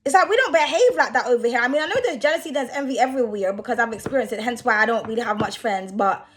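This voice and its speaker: A woman's voice: fairly high pitch, rapid-fire, slight background noise. A young woman who reads tarot, ranting bluntly and with a lot of swearing in a casual vlog. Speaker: tarot reader.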